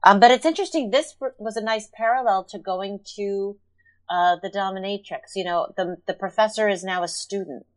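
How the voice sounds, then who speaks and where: Woman chatting about a show, thoughtful, lots of ums, middle pitch. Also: moderate pace. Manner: thoughtful, analytical, with frequent fillers. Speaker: podcast co-host. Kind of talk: casual chat recapping a TV episode.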